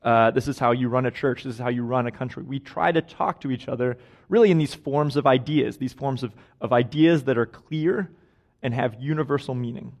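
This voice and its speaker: A man's voice: medium pitch, brisk, a little mellow. A young man preaching a casual, conversational sermon in a church, chatty and self-deprecating, often laughing at his own stories. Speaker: guest preacher. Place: church sanctuary.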